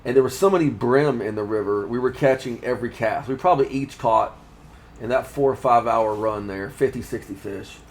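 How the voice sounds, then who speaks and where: A man's voice: medium pitch, fairly quick. A man, a fishing magazine editor, chatting in an earnest, reflective way and often restarting his sentences. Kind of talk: casual chat. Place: fishing trade show floor.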